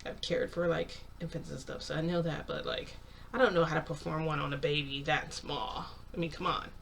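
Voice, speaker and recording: A man's voice: a little high, fairly even intonation, a little fast, vocal fry, fairly bright tone, slight background noise. A man telling a long story in a casual, rambling way, full of "like" and small laughs. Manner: rambling, heavy use of "like"; chatty, laughs often. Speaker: vlogger.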